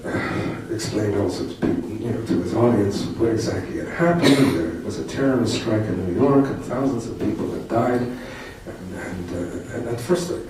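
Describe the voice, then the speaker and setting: Recorded from a distance in a very echoey hall full of noise, with a crowd audible, a Canadian poet and commentator in his later years shares a personal story wryly and reflectively, often restarting. He speaks on the low side at a moderate pace.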